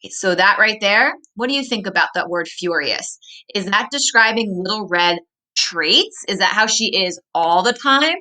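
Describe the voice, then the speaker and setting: A woman teacher pauses a read-aloud to talk with children, asking questions and leaning on key words. Her voice is bright and forward at an everyday pitch. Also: animated, rough recording. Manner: asks questions, slows to stress key words. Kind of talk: reading aloud and explaining a story to children.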